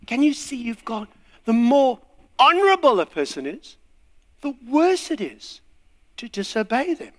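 A man's voice: very high-pitched, sing-song, moderate pace, a bit bright. A man preaching a sermon, acting out little scenes and voices as he goes. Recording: long hall reverb.

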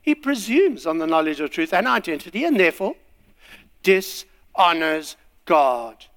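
A man's voice: fairly high pitch, big pitch swings, a little slow, a bit bright. A man preaching a sermon, acting out little scenes and voices as he goes. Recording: long hall reverb.

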